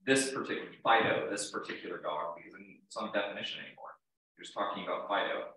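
A man, a student in a logic class, thinking aloud in halting explanations. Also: on the low side, sharp tone. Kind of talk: classroom discussion. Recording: distant voice in a very echoey room.

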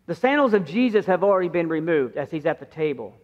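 A middle-aged male pastor with a high voice preaches in a church whose sound rings on with a long reverb. He speaks conversationally and puts on the voices of the people he quotes. The sound is muffled and a little dull. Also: very animated, quick pace. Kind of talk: sermon. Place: church sanctuary.

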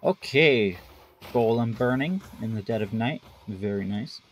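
A man's voice: lowish voice, lively intonation, a little slow, slight background noise. A man streaming a game live, chatting casually, talking to the animals and using playful broken grammar. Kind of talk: live gameplay commentary.

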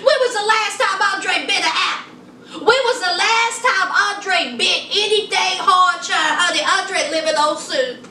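Sassy woman vlogger with a high, bright voice, recorded a bit far from the mic in a roomy space. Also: unhurried, slight background noise. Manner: sassy, chatty, calls viewers honey and child. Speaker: reality TV reviewer. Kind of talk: casual review commentary. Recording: roomy echo, distant from mic.

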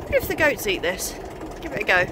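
A woman's voice: medium pitch, very animated, fast talker. A woman chatting casually outdoors on a farm, filming her animals with a handheld camera and teasing them as she talks. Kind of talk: casual vlog narration. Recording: wind buffeting the mic. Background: strong wind noise.

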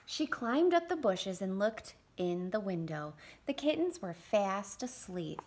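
A woman reading a picture book aloud to young children as a visiting parent, in an animated, expressive way. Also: medium pitch, measured pace, hardly any pauses, slight background noise. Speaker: parent community reader.

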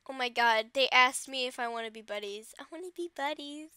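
A woman doing dramatic, excitable commentary over her game, swinging between wailing and squealing. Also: a little high, a little fast, few pauses, clean tone. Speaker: game video creator. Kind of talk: gameplay commentary.

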